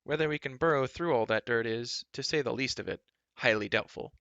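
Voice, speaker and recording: A man's voice: medium pitch, fairly quick, a bit bright, dry recording, lo-fi sound, natural voice. A man voicing a wry, talkative male bard in a storybook reading.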